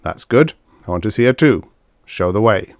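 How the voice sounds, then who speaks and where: A swaggering provincial nobleman in an audiobook, growling his words in a heavy, rich accent, as a man puts him on. The voice sits low and the sound is close and dry. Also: expressive, moderate pace, dry recording. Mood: haughty. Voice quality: thick rich put-on foreign accent. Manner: growling, blustering. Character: pompous male provincial nobleman, gruff and boastful.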